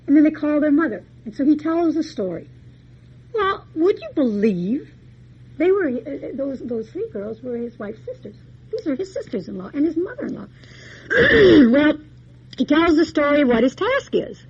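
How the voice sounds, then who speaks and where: A woman's voice: sits high, very animated, moderate pace. A woman lecturer retelling a fairy tale in a chatty, folksy way with little asides. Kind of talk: storytelling lecture. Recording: dull muffled recording, faint hiss.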